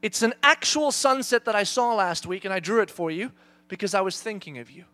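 A man's voice: high-pitched, lively intonation, fairly quick, pushed and bright, dry recording. A man doing an eager little girl. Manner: pleading, eager. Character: small eager girl showing her drawing.

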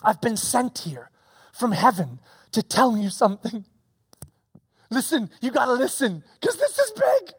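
A man voicing an angel messenger with urgent, excited news, in a casual sermon retelling. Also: high voice, measured pace, long pauses, husky, no echo, clean studio sound, full character voice.

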